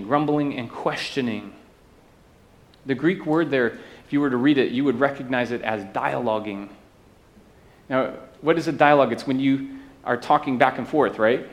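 Guy preaching a sermon, chatty, keeps asking right?, middle pitch. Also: moderate pace. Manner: conversational preaching with asides and tag questions. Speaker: pastor.

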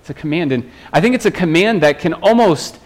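A man's voice: fairly high pitch, expressive, fairly quick. A man, a pastor, preaching a sermon in an earnest way, often restarting and repeating phrases.

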